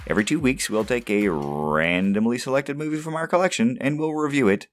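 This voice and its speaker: A man's voice: medium pitch, a little fast. A man hosting a movie podcast, chatting casually and laughing easily with his co-host. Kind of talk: casual chat.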